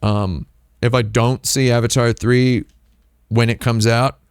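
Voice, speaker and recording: A man's voice: medium pitch, little pitch movement, measured pace, smooth, dry recording, clean studio sound. A man hosting a casual livestream, rambling and wry, often breaking off and restarting his sentences. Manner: rambling, self-interrupting, wry asides. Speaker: streamer host.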